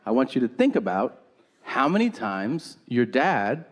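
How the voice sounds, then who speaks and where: A man's voice: medium pitch, big pitch swings, measured pace. A man doing a stand-up comedy set, telling a story with acted-out dialogue and crude punchlines. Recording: live venue with audience laughter noise. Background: audience laughter.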